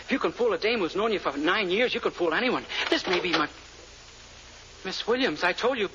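A man's voice: sits high, animated, a little fast, noisy background. An actor playing a brash, flippant man who poses as a businessman, in 1940s radio comedy style. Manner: breezy, flippant wisecracks. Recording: dull old radio broadcast.

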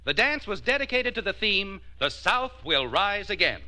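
Old-school radio announcer guy, bright punchy voice, swings up and down a lot. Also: high voice, very animated, moderate pace. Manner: polished, emphatic. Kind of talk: scripted commercial read.

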